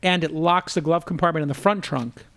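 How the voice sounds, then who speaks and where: A man's voice: fairly high pitch, fairly quick. A man hosting a tech news roundtable, chatting casually, joking and humming a quiz-show tune while his guests think. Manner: lively, hums a quiz-show tune, jokes. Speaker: podcast host.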